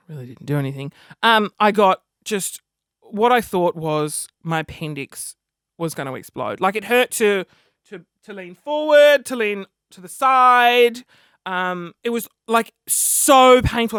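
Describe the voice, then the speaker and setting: A man's voice: high-pitched, clean tone, dry recording, studio quality. A man telling comic personal stories in a casual podcast vlog, acting out the people in them. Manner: animated, acts out people in the story. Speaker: podcast host.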